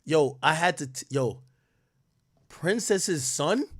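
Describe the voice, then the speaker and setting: A man's voice: a little high, animated, slow, husky. A young man hosting a podcast, rambling through loose, slang-heavy stories in casual chat. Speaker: podcast host.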